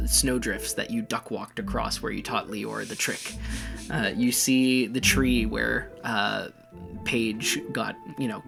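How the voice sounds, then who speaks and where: A woman game master narrating with a very deep, gravelly voice. She rambles along, full of fillers and restarts. Music runs clearly underneath.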